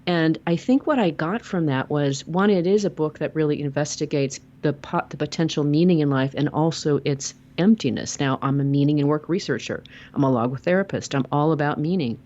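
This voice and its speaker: A woman's voice: low voice, a little fast, few pauses, mellow, dull audio. A woman guest on a podcast, talking earnestly and emphatically, often repeating words as she starts a sentence. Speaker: radio show host and logotherapist. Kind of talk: casual interview chat.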